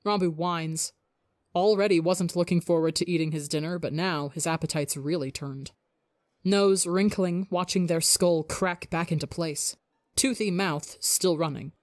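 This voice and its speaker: A woman reading a fan fiction story aloud as the narrator, in a calm, steady voice. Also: lowish voice, a little slow, no echo, clean studio sound. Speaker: audiobook narrator.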